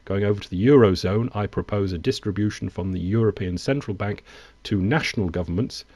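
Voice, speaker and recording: A man's voice: lowish voice, a little fast, warm tone, breathy edge, no echo. A man who reads news articles aloud and breaks off into wry, digressive asides of his own. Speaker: news commentator. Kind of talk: reading and commenting on news articles.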